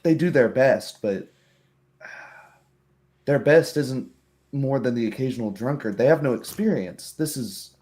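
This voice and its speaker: A man's voice: medium pitch, animated, unhurried, pauses often, darkish tone, pitched above the performer's own voice, close to an everyday voice. A man voicing an earnest, worried young townsman who speaks bluntly. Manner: blunt, frank talker.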